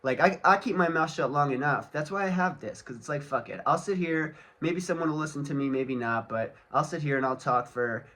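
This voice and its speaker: A man's voice: fairly high pitch, a little fast, few pauses, a bit bright. A man ranting angrily to camera in a casual solo vlog, swearing constantly and rambling loosely with many fillers. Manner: angry, profane ranting. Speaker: vlogger.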